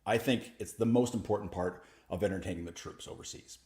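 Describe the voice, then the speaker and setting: A man, a comedian telling stories in a stand-up set, with a dry, deadpan delivery that breaks into lively bursts. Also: lowish voice, brisk. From Canada. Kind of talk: stand-up storytelling. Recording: echoey room.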